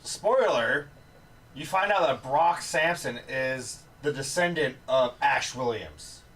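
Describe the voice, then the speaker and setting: A man's voice: medium pitch, slow. A man co-hosting a podcast, telling profane stories in casual chat. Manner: profane, animated storyteller. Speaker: podcast co-host. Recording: distant mic with faint noise.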